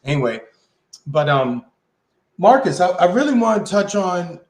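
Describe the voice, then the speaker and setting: A man's voice: sits high, sing-song, normal speed. A man co-hosting a podcast in slangy, playful casual chat. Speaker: podcast co-host. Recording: echoey room.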